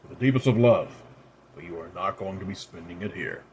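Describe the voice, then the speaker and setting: A man's voice: sits low, expressive, fairly quick, a little mellow, a little hiss or hum, pitched below the performer's own voice. A man voicing an ancient, proud red-haired immortal woman who speaks in a commanding, scolding way. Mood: stern.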